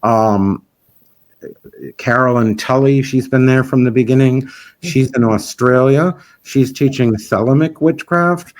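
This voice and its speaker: A man's voice: mid-range voice, a little slow. A man who organizes a festival, chatting in an interview in a rambling, frank and opinionated way. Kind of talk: casual interview chat.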